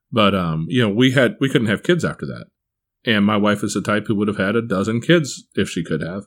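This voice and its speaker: A man with a slightly low voice talks through his family's path to adoption in a plain, steady, conversational way. He is from Missouri and speaks like someone recalling things aloud. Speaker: adoptive parent sharing his story. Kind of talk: casual personal storytelling.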